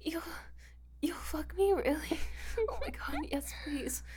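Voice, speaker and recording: A woman's voice: high voice, takes it slowly, darkish tone. A woman voicing a desperate, heartbroken young woman who pleads in tearful, breathless whispers, in a whispered role-play. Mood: pleading.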